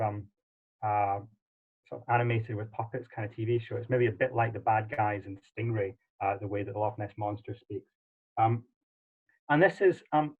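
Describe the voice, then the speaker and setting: A man giving an online livestream lecture in a chatty way, with frequent ums and uhs. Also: medium pitch. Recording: tinny phone-like audio.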